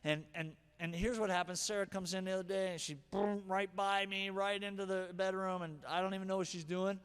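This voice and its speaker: A middle-aged man preaching a sermon as pastor, animated, moving from hushed asides to shouted punchlines. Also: high-pitched, brisk, smooth. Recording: long hall reverb.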